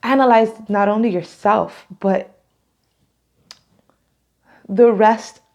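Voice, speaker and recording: A woman's voice: mid-range voice, slow, darkish tone, muffled recording. A woman doing a casual, emotional tarot reading to camera, rambling and laughing often, near tears. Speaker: tarot reader.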